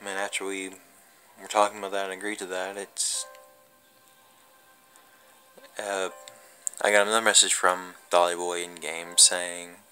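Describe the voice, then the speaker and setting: Man, deep voice with a sharp hard edge, rambling casual storytelling, swears, faint music behind. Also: little pitch movement, normal speed, low-quality recording. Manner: rambling, profane, full of fillers. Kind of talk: casual creepypasta narration.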